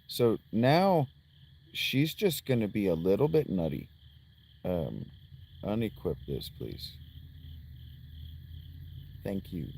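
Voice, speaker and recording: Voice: deep voice, very animated, slow pace, long pauses, a little mellow, slight background noise. A game streamer chatting casually while playing, with ums and offhand swearing. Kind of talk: casual let's-play commentary.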